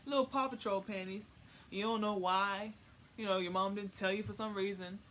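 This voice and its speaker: A young woman vlogger casually telling a personal story, candid and giggly, pausing often to find her words. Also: medium pitch, steady tone, fairly bright tone, slight background noise.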